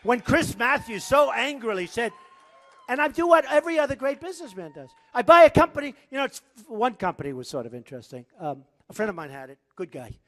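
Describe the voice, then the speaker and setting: Male candidate at a rally; boastful, repetitive, off-the-cuff delivery, lively up-and-down pitch. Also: brisk. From United States. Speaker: political candidate speaking at a rally. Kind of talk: campaign rally speech. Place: large indoor rally venue.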